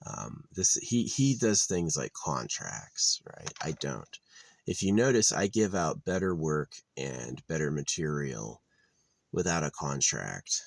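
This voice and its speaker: Very deep gravelly man rambling. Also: very animated, takes it slowly, dry recording. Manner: meandering, crude, blunt opinions with many fillers. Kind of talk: rambling monologue. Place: outdoors.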